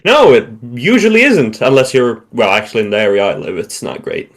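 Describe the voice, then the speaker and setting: A man's voice: medium pitch, huge pitch swings, a little fast. Chuckling man chatting on a livestream. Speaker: livestream co-host. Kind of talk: casual chat.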